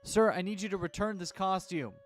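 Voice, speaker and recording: A man voicing a nervous, stiffly polite shop clerk who keeps insisting, in a game reading. The voice is raised and animated, with soft music in the background. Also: fairly high pitch, fast, voice pushed up, close to an everyday voice. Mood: insistent. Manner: formal, pleading, insistent. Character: insistent, panicky male costume shop clerk.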